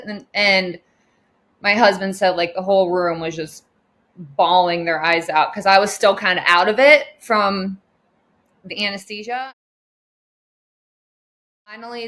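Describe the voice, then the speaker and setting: A woman's voice: medium pitch, sharp tone. A woman recounting her own experience as a patient in casual, chatty storytelling, full of quoted dialogue and frequent fillers.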